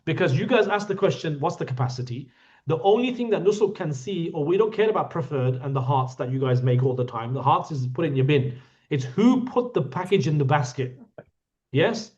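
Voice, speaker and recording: A brisk, slightly high and mellow male voice belongs to a hajj tour guide taking his group's questions online. He's blunt, jokes at their expense, and scolds them, recorded in dull lo-fi audio.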